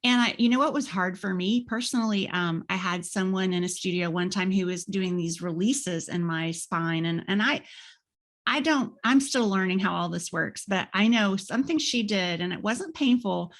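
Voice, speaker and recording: Chatty woman podcast host, mid pitch. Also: normal speed. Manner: rambling, with many fillers and restarts, chatty. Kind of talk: casual interview chat.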